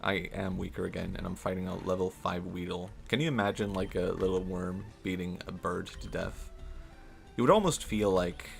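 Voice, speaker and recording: A man's voice: deep voice, steady tone, normal speed, creaky, faint music behind. A man streaming a game and chatting casually, rambling and giggling through playful, absurd tangents. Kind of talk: casual gameplay commentary.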